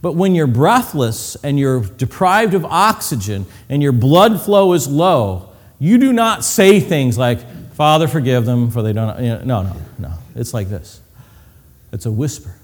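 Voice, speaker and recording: A man's voice: mid-range voice, very animated, unhurried. A man preaching a sermon with slides, vivid and hands-on, acting out cries and whispers and adding medical detail. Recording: long hall reverb.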